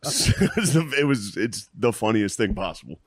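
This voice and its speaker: Deepish guy spinning dumb school stories, laughing, lively voice, dry sound. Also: moderate pace, slightly rough, dry recording. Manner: storytelling, laughing, crude. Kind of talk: casual comedy chat.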